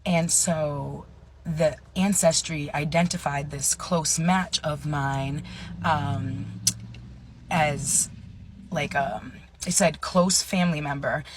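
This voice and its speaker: A woman in her thirties telling a personal story in a chatty way, full of fillers and dropping into hushed asides. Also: sits low, slight background noise. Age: 30s. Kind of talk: casual storytime monologue.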